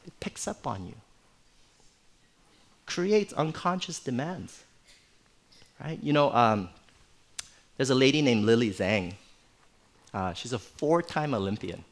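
A middle-aged man preaching a sermon in a church, conversational and animated, with playful asides. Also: fairly low pitch. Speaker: pastor.

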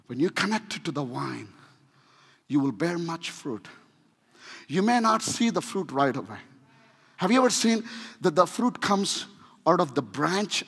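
A man with an Indian accent preaching a sermon, swinging between shouting and hushed delivery, with humorous asides. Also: high-pitched, husky. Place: church sanctuary. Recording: long reverb of a church hall.

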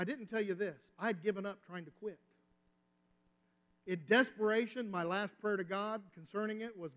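A man's voice: high-pitched, fairly bright tone. A man preaching a sermon as pastor, telling a personal story with rising and falling intensity. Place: church sanctuary. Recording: reverberant church hall.

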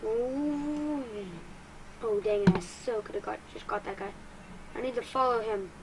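Her voice sits in the mid range as she narrates a let's-play with lots of excitement, pokes fun at herself, and loses patience fast. Noise fills the background.

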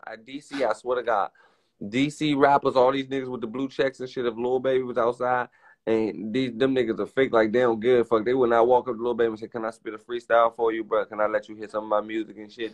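A young man hosting a live stream, ranting in a casual, profane, emphatic way and mimicking other people's lines. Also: on the low side. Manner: acts out others' lines in quick put-on voices.

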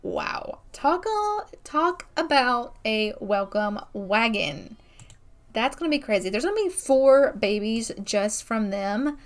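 Excitable woman narrating gameplay. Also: fairly high pitch. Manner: excitable, chatty, frequent exclamations. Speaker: gaming channel host. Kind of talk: casual game commentary.

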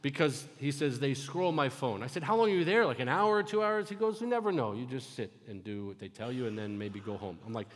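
A male pastor preaching a sermon, telling stories and moving between loud, urgent exhortation and hushed, low retelling. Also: expressive, fairly quick, few pauses. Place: church sanctuary. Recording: long church hall reverb.

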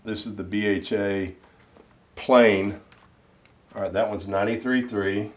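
A man explaining his reloading gear in a casual, unhurried way, thinking aloud with plenty of fillers. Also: fairly low pitch, steady tone, far from the mic. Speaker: ammunition reloading hobbyist. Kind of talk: casual instructional talk. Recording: roomy sound, mic set back.

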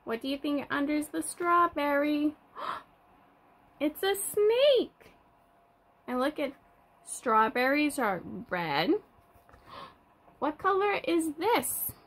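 A young woman teaching toddlers, reading a picture book aloud in a slow, sing-song way with gasps of surprise. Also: high-pitched, expressive, fairly bright tone.

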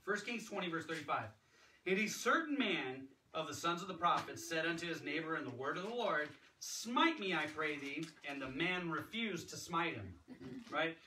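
A man's voice: on the high side, pushed and bright. A man preaching a sermon in a church, with a conversational manner and acted-out quotes. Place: church sanctuary. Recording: echoey hall, distant mic, background noise.

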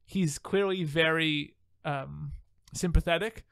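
Podcast host, male, high-pitched, dry close sound, animated and quick to laugh. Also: vocal fry, smooth, no room sound. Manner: animated, laughs often, swears casually. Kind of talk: casual chat.

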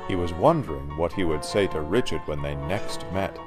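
A man narrating a storybook in an expressive storytelling manner. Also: extremely low pitch, normal speed, music in the background.

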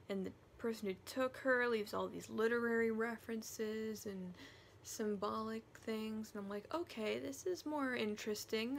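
A woman talking through her monthly reading in a chatty, animated book review vlog, now and then dropping to a whisper. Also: a little high, vocal fry, a little hiss or hum.

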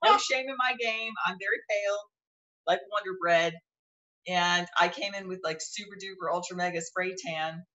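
A woman's voice: lowish voice, normal speed, bright, forceful tone, lo-fi sound. A woman hosting a live stream, bubbly and joking about herself. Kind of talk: casual chat on a live stream.

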